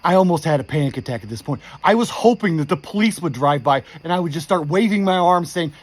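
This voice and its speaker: A man's voice: on the high side, expressive, quick pace, hardly any pauses. Intense, swearing man telling a story. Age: 40s. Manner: intense, profane, shaken retelling. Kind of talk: first-person true story.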